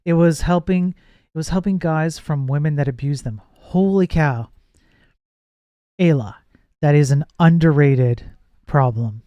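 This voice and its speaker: Man, casual live-stream chat, mellow dark tone, dry close sound, thinks aloud while coding. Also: on the high side, unhurried, dry recording, dull audio. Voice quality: says his voice gets nasal when projecting. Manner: thinks aloud, reads chat, trails off and restarts.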